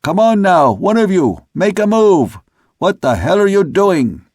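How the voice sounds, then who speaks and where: A man voicing a gruff male ship's second mate who shouts orders at the crew. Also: medium pitch, quick pace, no room sound, clean studio sound, natural voice. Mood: impatient.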